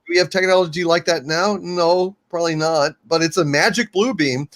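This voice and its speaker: A man's voice: a little high, a little fast, a bit bright. A man co-hosting a casual podcast movie review, talking in a sarcastic, mocking way. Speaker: show co-host.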